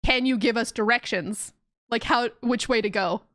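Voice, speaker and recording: A woman's voice: fairly high pitch, moderate pace, a bit bright, no echo, studio quality. A young woman streaming a game, chatting casually and giggling often. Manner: giggly and playful, often laughing. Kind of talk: casual gameplay commentary.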